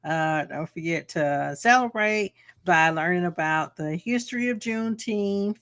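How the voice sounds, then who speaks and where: A woman's voice: fairly low pitch, measured pace, a bit bright, dry recording, studio quality. A woman from Atlanta with a Southern Georgia accent, co-hosting a podcast in laid-back casual chat and laughing often. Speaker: podcast co-host.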